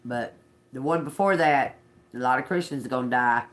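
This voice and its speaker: A man's voice: medium pitch, moderate pace, fairly bright tone. A man hosting a casual livestream tarot reading, talking straight to his viewers, laughing often and swearing as he snaps back at commenters. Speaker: tarot reader, livestream host.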